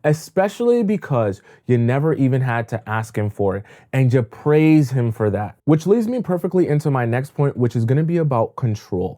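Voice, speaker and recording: A man's voice: mid-range voice, very animated, normal speed, few pauses, mellow. A man giving dating advice in an emphatic coaching monologue, repeating words for stress.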